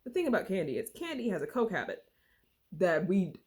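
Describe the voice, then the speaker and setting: A woman's voice: medium pitch, very animated, brisk, darkish tone. A woman casually retelling a book's plot in a slangy, chatty way full of fillers. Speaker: book reviewer. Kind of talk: casual book recap.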